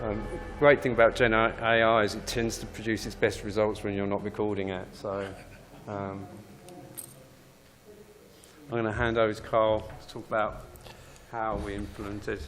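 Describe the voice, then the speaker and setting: A man's voice: on the low side, little pitch movement, moderate pace, pauses often, a bit bright. A man, a game developer, giving a casual conference talk with many fillers.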